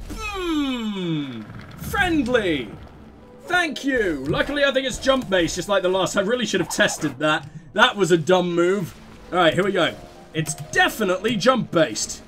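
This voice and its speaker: A man hosting a let's play, giving excitable, self-mocking game commentary full of swearing. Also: high-pitched.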